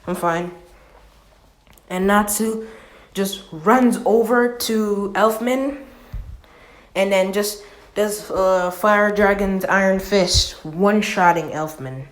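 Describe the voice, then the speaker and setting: A woman's voice: medium pitch, slow pace. A woman casually retelling a fan-made anime story, rambling with fillers and self-corrections.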